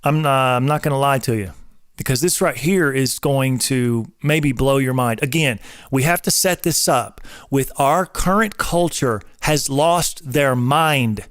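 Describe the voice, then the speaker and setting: A man's voice: mid-range voice, measured pace, a bit bright, clean tone, no echo, clean studio sound. Emphatic drill-instructor-like man. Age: 40s. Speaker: host and personal trainer. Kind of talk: casual preaching talk.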